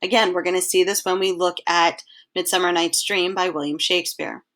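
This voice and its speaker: A woman teacher giving a recorded slideshow lesson, explaining each point patiently and reading verse aloud slowly. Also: on the low side, steady tone, fairly bright tone. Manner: clear, patient explaining, reads poem lines aloud in a slow measured way.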